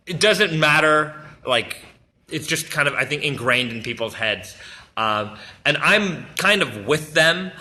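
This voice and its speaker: A man's voice: mid-range voice, pushed and bright. A man hosting a casual livestream, reading out viewer questions and answering them in an easygoing, chatty way. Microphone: phone livestream.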